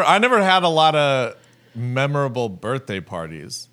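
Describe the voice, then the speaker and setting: A man's voice: medium pitch, expressive, unhurried, pushed and bright, clean tone. A young man co-hosting a podcast, telling stories in a casual chat full of "like" fillers. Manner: chatty storyteller, many "like" fillers. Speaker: podcast co-host.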